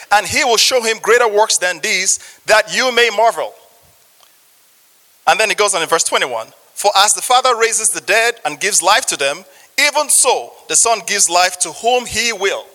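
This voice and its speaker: Man, sermon, earnest preacher, bright tone, reverberant hall. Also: high voice. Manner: earnest, testimony-sharing, asks audience for amens. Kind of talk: sermon with scripture reading.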